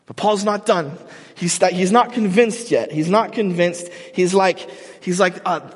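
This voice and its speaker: A man with a fairly high, husky voice preaches a sermon in a hall with long reverb. He talks in an animated, emphatic way and stumbles into quick restarts as he builds his points. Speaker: pastor.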